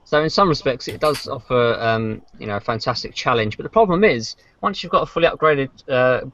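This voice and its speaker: A man's voice: mid-range voice, animated, fairly quick, fairly bright tone, a little hiss or hum. A man co-hosting a podcast, chatting casually about racing games in a rambling way with many restarts. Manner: rambling, frequent fillers and restarts. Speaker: podcast co-host. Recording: dull lo-fi podcast audio.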